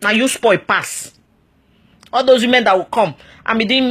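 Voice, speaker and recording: A woman's voice: on the high side, normal speed, a bit bright, breathy edge. Emphatic Nigerian woman giving advice. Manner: emphatic, repeats phrases, exclamatory, mixes in pidgin. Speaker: marriage advice speaker. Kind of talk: animated advice monologue.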